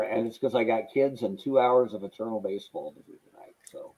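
A man in casual chat, lively and jokey, with a husky voice. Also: medium pitch, fairly quick, a little hiss or hum, low-quality recording. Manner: lively, jokey, self-mocking.

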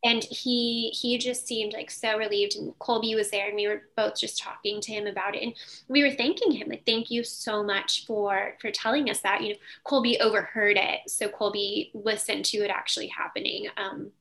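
A woman's voice: mid-range voice, fairly even intonation, normal speed, a bit bright. A woman co-hosting a podcast, telling a personal story in casual chat, rambling and full of "like" and "um".

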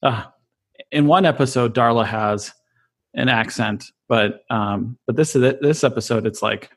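A man co-hosting a podcast in relaxed, joking talk. His voice is husky with a breathy edge, and he laughs often and trips over his own sentence starts. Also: medium pitch, unhurried. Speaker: podcast co-host. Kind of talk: casual chat.

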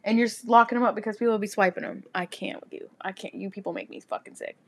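A young woman chatting on a podcast with friends. She tells her story in a crude, lively way, swearing freely and building it up for laughs. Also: mid-range voice, fast talker, gravelly. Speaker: podcast co-host. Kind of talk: casual chat.

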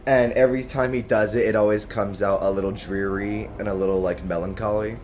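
A man's voice: lowish voice, fairly even intonation, a little fast, a little mellow, slight background noise. A man playing a tabletop game, rambling through his character's description with lots of likes and ums. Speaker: player. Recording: faint music behind.

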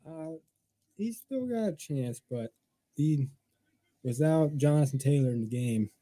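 A young man with a slightly raised voice, chatting casually and a little haltingly as he watches a video game match. He adds offhand reactions and comments between the plays. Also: on the high side, animated, mellow, poor audio. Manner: easygoing, hesitant, chuckling. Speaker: friend co-commentating. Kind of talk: casual game-night chat.

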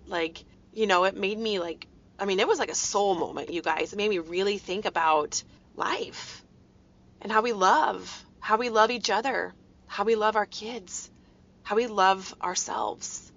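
A woman's voice: mid-range voice, normal speed, creaky, a bit bright, highs cut off. Earnest woman host telling a heartfelt story. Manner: earnest, heartfelt, addresses listeners directly. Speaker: podcast host. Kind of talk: personal storytelling.

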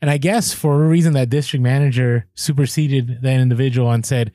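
A man's voice: mid-range voice, fairly quick, no room sound, studio quality. A man chatting casually and telling a story, acting out the people in it, his voice jumping up when he is exasperated. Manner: animated, acts out quoted people, voice jumps up in exasperation.

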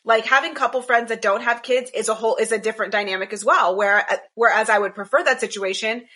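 A woman's voice: a little high, fast, pushed and bright, husky. A woman co-hosting a casual chat over a call, rambling with many restarts. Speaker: podcast co-host. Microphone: video call.

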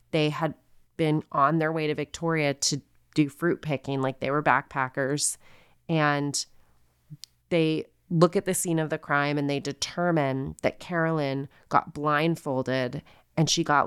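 A woman with a deep, slightly bright, clean voice co-hosts a podcast, casually recounting a true-crime story. She's chatty and filler-heavy, often quoting people in asides. The studio sound is clean with no echo.

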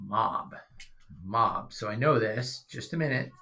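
A man's voice: fairly low pitch, unhurried, gravelly, sharp tone. A middle-aged father chatting casually on a family podcast, rambling and hesitant, with dry sarcasm. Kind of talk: casual chat.

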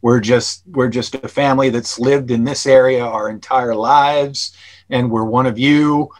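A man's voice: mid-range voice, fairly even intonation, a little slow, poor audio. A man guest on a podcast explaining his film at length, with many fillers and restarts. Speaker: actor and filmmaker guest. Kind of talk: casual interview chat.

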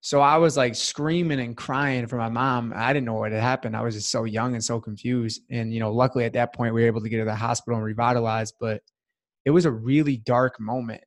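A man's voice: medium pitch, steady tone, fairly quick. A man, a guest in a casual interview, telling a personal story in an earnest, heartfelt way with many fillers. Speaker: podcast guest.

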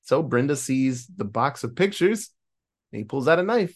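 A man's voice: mid-range voice, normal speed. Man animatedly retelling a film plot. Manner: animated storytelling, acting out quoted lines. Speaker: podcast host. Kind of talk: casual film recap.

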